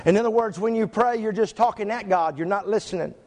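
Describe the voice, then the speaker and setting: A male pastor preaching a sermon to his church, reading scripture slowly and stressing single words. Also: high voice, a little mellow. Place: church sanctuary. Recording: echoey church hall.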